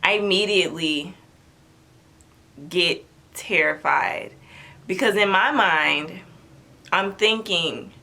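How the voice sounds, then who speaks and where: Her fairly low, sharp-toned voice moves a little slowly as this young woman vlogger animatedly tells her own story to camera. The delivery is chatty and dramatic, with quotes acted out.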